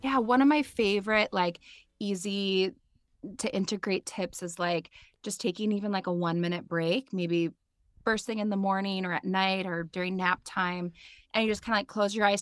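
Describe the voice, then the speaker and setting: A woman's voice: mid-range voice, fairly bright tone, no room sound, clean studio sound. A woman in her thirties, a podcast guest and mindfulness teacher, talking in a chatty way with lots of filler words. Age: 30s. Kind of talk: casual interview chat.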